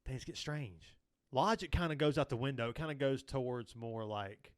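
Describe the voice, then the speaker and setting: A man in a casual podcast chat, talking things through in a rambling, earnest way, full of filler words. His voice sits in a middle pitch. The recording is close and dry. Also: moderate pace, dry recording. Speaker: podcast co-host.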